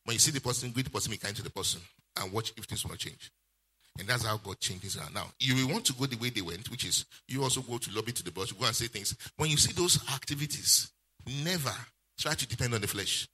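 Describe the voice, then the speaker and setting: A male pastor, preaching a sermon with lively call-and-response questions. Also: medium pitch, fast talker, husky.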